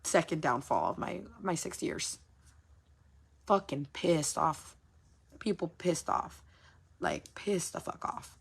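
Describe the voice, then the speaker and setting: An American woman who runs a small business vents frankly on a casual livestream, swearing freely and repeating phrases for emphasis. Her deep voice is animated yet slow, with vocal fry and frequent pauses, over a little background hiss or hum.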